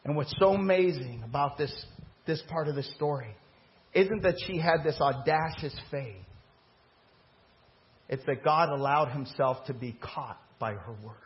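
A man's voice: on the high side, a little slow. A man preaching a sermon as the pastor, rising in emphasis and acting out quoted voices. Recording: muffled lo-fi church recording.

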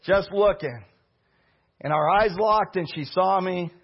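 A middle-aged man preaching a storytelling sermon as pastor, animated and bursting into shouts. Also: high voice, unhurried, husky. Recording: dull lo-fi recording.

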